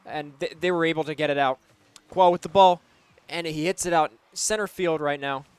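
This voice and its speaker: Excitable young man calling a college game. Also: a little high, brisk, clean tone, dry recording. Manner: excitable, loose, filler-heavy. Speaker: college esports caster. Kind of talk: play-by-play commentary.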